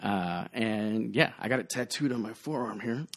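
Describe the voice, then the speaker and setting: A man in his thirties, a bartender guest on a podcast, telling stories in a casual, animated way and acting out the people in them. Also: fairly low pitch, moderate pace. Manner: animated storyteller, acts out quoted voices loudly.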